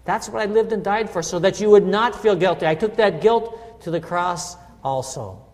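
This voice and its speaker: A man's voice: sits high, normal speed. Man, middle-aged, pastor, conversational sermon, lingering church-hall reverb. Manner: conversational, asks listeners "right?". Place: church sanctuary.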